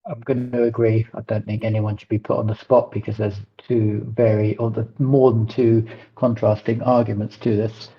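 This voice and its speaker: Man, low flat voice, hedging politely, muffled lo-fi mic. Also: normal speed, few pauses. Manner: agreeable, hedging. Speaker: community member. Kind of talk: casual chat on a voice call.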